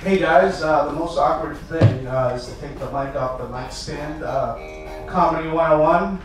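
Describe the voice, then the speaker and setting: A young man from Massachusetts doing a stand-up comedy set, telling stories with frequent "uh"s and building to loud acted-out rants. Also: fairly high pitch, moderate pace, recorded from a distance, music in the background. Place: small stage venue. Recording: echoey room, mic heard from afar.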